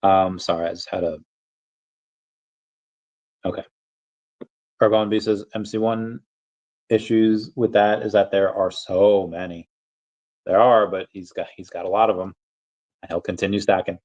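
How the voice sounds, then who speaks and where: A man's voice: low-pitched, fairly even intonation, unhurried, pauses often, a little mellow, dull audio. A young man hosting a casual livestream, reading chat aloud in a rambling, playful way and often stumbling over repeated words.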